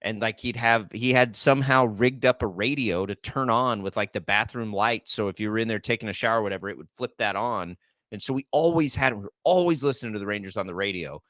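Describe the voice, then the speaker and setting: A man's voice: fairly low pitch, quick pace, fairly bright tone, no echo. A man in his forties co-hosting a sports radio show, chatting casually, rambling and heartfelt, with many restarts, into a studio microphone.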